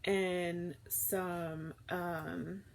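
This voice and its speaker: A woman's voice: fairly low pitch, little pitch movement, very slow, creaky, a little hiss or hum. A woman in her thirties, chatting casually and rambling through a live morning stream, with lots of fillers and restarts. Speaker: food vlogger hosting a live morning chat.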